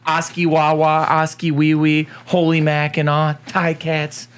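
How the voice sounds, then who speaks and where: A man's voice: on the high side, completely flat delivery, unhurried, a bit bright, clear, resonant tone. A man co-hosting a casual talk show, joking and teasing his partner in an upbeat way. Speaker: co-host. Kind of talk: casual morning show banter.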